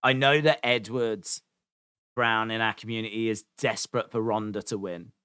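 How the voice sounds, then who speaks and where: A man's voice: lowish voice, fairly even intonation, normal speed, sharp tone, clean tone, no echo, clean studio sound. A man co-hosting a wrestling podcast, chatting in a rambling, self-deprecating way. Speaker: podcast co-host. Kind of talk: casual podcast chat.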